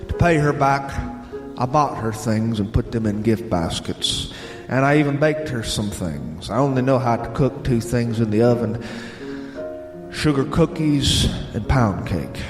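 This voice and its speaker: A man with a Southern American accent, a radio host reading listener letters aloud in an unhurried storytelling way. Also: mid-range voice, animated. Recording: roomy sound with long reverb and bluegrass music behind.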